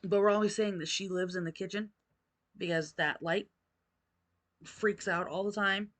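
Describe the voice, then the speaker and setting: A woman's voice: medium pitch, steady tone, normal speed, a bit bright. A middle-aged woman vlogger telling a personal ghost story, candid and emotional, swearing casually.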